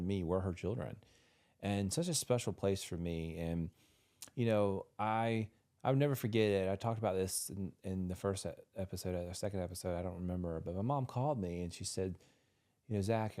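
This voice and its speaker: A man's voice: on the low side, mellow. A man co-hosting a podcast, telling a personal story in an earnest, emotional way with frequent restarts. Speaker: podcast co-host. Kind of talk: casual podcast conversation.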